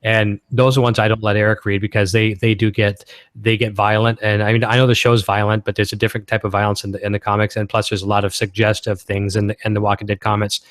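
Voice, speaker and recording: A man's voice: on the low side, level tone, quick pace, no echo, studio quality. A man from Canada hosting a casual guitar-gear livestream, talking in an enthusiastic, rambling way.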